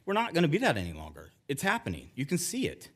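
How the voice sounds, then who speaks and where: Middle-aged resident, nervous and emotional, stumbles and restarts while reading prepared remarks at a council podium. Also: male voice, fairly high pitch, huge pitch swings, quick pace, fairly bright tone. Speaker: resident giving public comment. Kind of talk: public comment at a council meeting. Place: council chamber.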